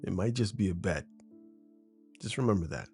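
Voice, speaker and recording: A man's voice: low-pitched, animated, moderate pace, mellow, breathy edge, soft background music. A man hosting his own podcast, riffing off script in a casual, rambling monologue as if talking to a best friend, at a foam-shielded mic in a room by a window. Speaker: podcast host. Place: home room in front of a window. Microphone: studio mic with a foam shield.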